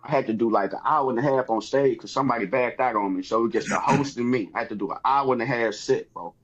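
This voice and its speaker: A man from Texas with a Texan accent, a comedian guest telling animated stories in casual chat and acting out other people's lines. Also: medium pitch, fast talker, dull audio.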